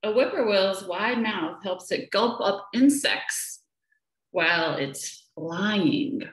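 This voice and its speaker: Woman nature educator, slow storytime reading to small kids, roomy echo. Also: medium pitch. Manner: slow, gentle, asks the children questions. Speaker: children's nature program educator. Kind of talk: reading a picture book aloud to young children. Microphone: laptop or webcam for a video session. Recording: echoey room.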